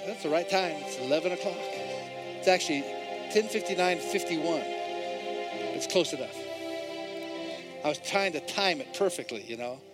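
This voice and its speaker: A male pastor preaching a sermon in a church, swinging between hushed, intimate passages and loud, repeated calls to the congregation. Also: fairly high pitch, expressive, moderate pace, long pauses, over loud music. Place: church sanctuary.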